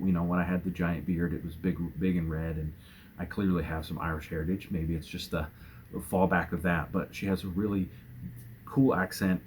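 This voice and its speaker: Deep-voiced earnest man reviewing books. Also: slight background noise. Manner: earnest, gentle, warm-hearted with fillers and restarts. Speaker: booktuber. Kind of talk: casual book tag vlog.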